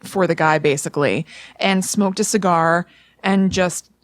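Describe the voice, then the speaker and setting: A woman's voice: lowish voice, measured pace, dry recording. A young woman co-hosting a podcast, casually retelling a story in a chatty way full of "like" fillers. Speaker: podcast co-host.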